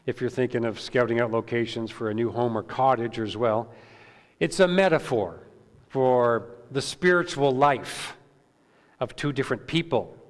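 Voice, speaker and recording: A man's voice: medium pitch, normal speed. A man pastor giving a conversational sermon, with many "uh"s and repeated words, recorded in a church sanctuary. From Canada. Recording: long reverb of a church hall.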